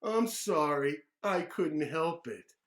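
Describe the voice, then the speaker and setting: A man's voice: a little high, expressive, fairly bright tone, reverberant. A man voicing a mischievous young boy who keeps making excuses, drawing his words out in a pleading whine. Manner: whiny, drawn-out pleading.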